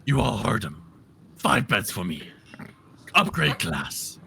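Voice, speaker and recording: A man's voice: fairly low pitch, sing-song, vocal fry, bright, forceful tone, slight background noise, full character voice. A man playing a gleeful, simple-minded adventurer. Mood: delighted. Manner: broken grammar, gleeful, slow drawl. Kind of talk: tabletop role-play, in character.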